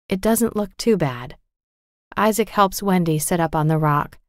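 Lady reading a learner story slowly and clearly, lowish voice, no room echo. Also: clean studio sound. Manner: clear, measured, carefully articulated reading. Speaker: narrator. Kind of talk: storybook narration for English learners.

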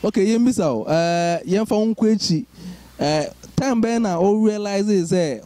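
A man asks interview questions and switches between Twi and English as he goes. His voice is mellow and sits a little high for a man. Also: moderate pace.

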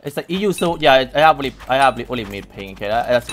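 Excitable young man taunting in a game. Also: medium pitch, very fast, hardly any pauses, faint music behind. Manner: excitable, taunting opponents, non-native English. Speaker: gaming YouTuber. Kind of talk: live gameplay commentary.

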